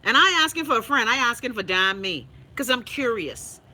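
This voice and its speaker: A Bahamian woman hosting a livestream, chatting casually and reading viewer comments in a blunt, profane, animated way. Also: fairly high pitch, normal speed, poor audio. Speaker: livestream host.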